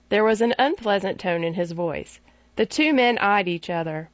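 A woman's voice: mid-range voice, no room sound. Woman narrating an audiobook, dry sound. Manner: measured, gives characters distinct voices. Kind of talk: scripted narration. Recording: dry, slightly dull recording.

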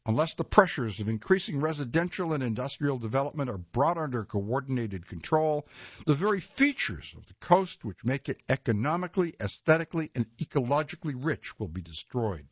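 A man with a husky voice and lively pitch reads nonfiction aloud in a measured way, occasionally slipping and correcting himself. The recording is dry, dull and lo-fi.

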